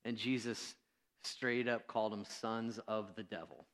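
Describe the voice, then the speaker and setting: In a reverberant church hall, a male pastor preaches a little slowly with a lowish, fairly bright voice and fairly even intonation. His sermon is conversational and self-deprecating, sprinkled with fillers and acted-out quotes.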